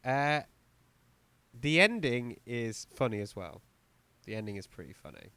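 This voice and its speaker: A man's voice: mid-range voice, big pitch swings, measured pace, creaky, pushed and bright, no room sound. A man co-hosting a music podcast, chatting casually and sarcastically about an album, mocking lyrics in exaggerated voices. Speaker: podcast co-host. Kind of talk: casual album review chat.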